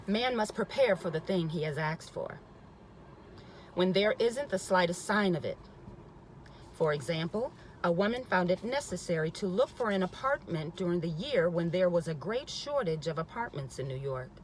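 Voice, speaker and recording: A woman's voice: lowish voice, expressive, moderate pace, a little hiss or hum, low-quality recording. A woman reading a spiritual self-help book aloud, often stopping to repeat passages and add emphatic comments of her own. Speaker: reader.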